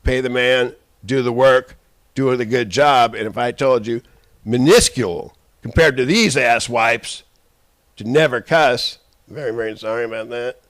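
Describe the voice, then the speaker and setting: A man rants at someone off camera, cursing through a long rambling outburst. He swings between loud shouting and low muttering. His voice sits in an ordinary middle pitch, and the sound is dry and close, with no room echo. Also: a little slow. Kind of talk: angry personal rant. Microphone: handheld camera.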